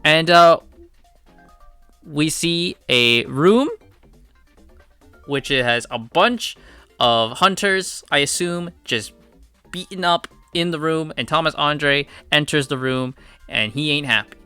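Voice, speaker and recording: Man, casual comic recap, chatty with fillers, bright tone. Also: a little high, smooth, soft background music. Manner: chatty, many fillers and quick asides. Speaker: comic reviewer.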